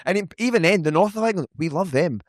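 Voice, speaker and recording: A Scottish man with a Glasgow accent, a guest comedian telling animated, sweary stories in a casual podcast chat. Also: high voice, quick pace, a crowd in the background. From Scotland.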